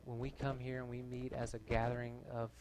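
A man's voice: mid-range voice, monotone, a little fast, darkish tone. A man, a pastor, delivering a sermon to his church in an earnest, conversational way. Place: church gathering.

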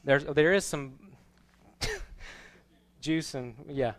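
A man preaching a sermon, moving between quiet, casual asides and loud, proclaiming readings of scripture. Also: fairly high pitch, drawn-out words. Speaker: pastor. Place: church.

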